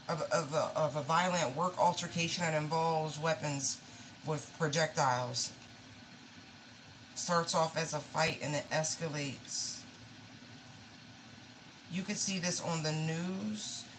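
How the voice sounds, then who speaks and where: A woman's voice: fairly low pitch, a bit bright, a little hiss or hum, poor audio. A woman giving a casual tarot reading, emotional and pleading, swearing freely and calling her listeners y'all. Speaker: tarot reader.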